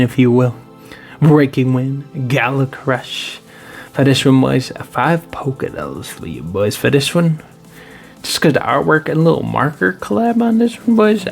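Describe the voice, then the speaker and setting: A man with a gravelly, creaky voice jokes his way through card reviews in a loose, playful way. He keeps calling his viewers boys. Faint music sits under his voice. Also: medium pitch, darkish tone. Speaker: card collecting video host. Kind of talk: casual joking card review commentary.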